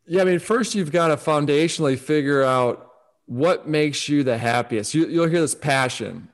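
A man giving conversational advice on focus as a guest, animated and acting out quoted voices as he talks. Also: a little high, moderate pace. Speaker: guest speaker on focus and success.

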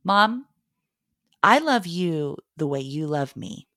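A woman voicing her cheerful, affectionate young son, calling out in a bright, excited way. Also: low voice, slow pace, no room sound, clean studio sound, exaggerated voice.

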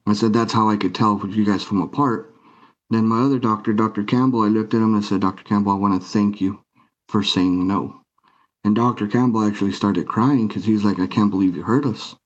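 A man with a low voice tells his own story with feeling. He acts out each exchange, voicing the others' lines as he recounts them. The sound is dull and lo-fi. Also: fairly even intonation, fairly quick. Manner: retells scenes by acting out quoted dialogue. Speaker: guest. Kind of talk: emotional personal storytelling. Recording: muffled lo-fi recording.

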